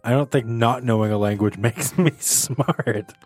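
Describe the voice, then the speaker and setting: A man co-hosting a casual group podcast, telling stories in a lively, swearing, joking way. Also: medium pitch, a little slow, soft background music. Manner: animated, swears freely, tells stories with voiced asides. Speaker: podcast co-host.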